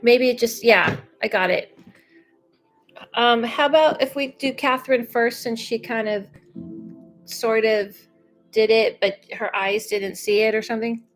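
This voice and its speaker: A woman giving live psychic readings to viewers, chatty and unhurried with frequent fillers. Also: mid-range voice, poor audio. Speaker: psychic medium.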